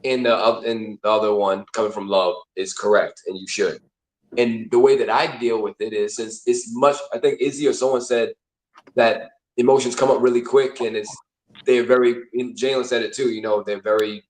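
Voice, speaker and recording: A man's voice: medium pitch, steady tone, moderate pace. A man hosting a casual talk, explaining in a conversational way and acting out inner voices. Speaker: host. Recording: echoey room.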